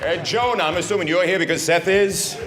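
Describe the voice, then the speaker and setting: A man's voice: sits high, over loud music, a loud crowd, lightly acted. A man playing smug pompous Hollywood. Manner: pompous, smug, slow dramatic pauses. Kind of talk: roast stand-up.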